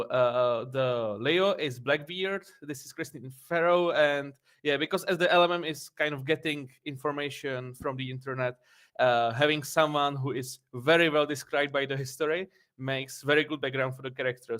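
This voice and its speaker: A man's voice: mid-range voice, steady tone, moderate pace, fairly bright tone, clear, resonant tone. A man, a developer guest on a game livestream, explaining patiently in a casual manner.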